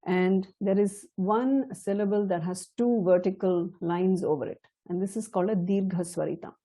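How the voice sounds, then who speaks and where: A middle-aged woman teaching a chant, explaining slowly and carefully, now and then laughing softly. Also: mid-range voice. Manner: slow, measured and explanatory, with soft laughs. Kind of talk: spoken lesson with chanted demonstrations.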